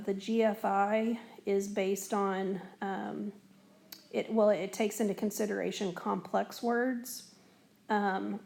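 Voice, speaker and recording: Patient woman teaching with a gravelly voice. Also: mid-range voice, a little mellow. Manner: patient, explanatory, many fillers. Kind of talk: recorded whiteboard lesson. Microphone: tablet recording.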